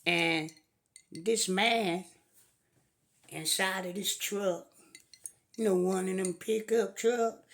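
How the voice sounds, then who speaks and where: A woman's voice: medium pitch, fairly even intonation, slow pace, pauses often. A woman telling a comic story in a drawling, folksy way. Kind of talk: comedic storytelling.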